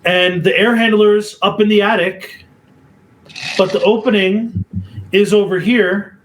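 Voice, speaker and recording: A man on a podcast, chatting casually in a slow, measured, relaxed way. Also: high voice, slight background noise, rough recording.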